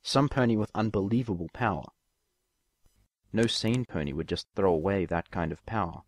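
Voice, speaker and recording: A man narrating a fanfiction story in an expressive reading voice. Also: on the low side, moderate pace, no echo. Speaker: fanfiction reader.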